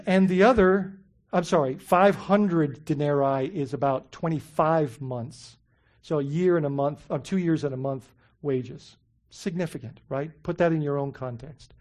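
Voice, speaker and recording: A pastor preaching a sermon in an animated, conversational way, asking the listeners many questions and often saying "you know" and "right?". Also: medium pitch.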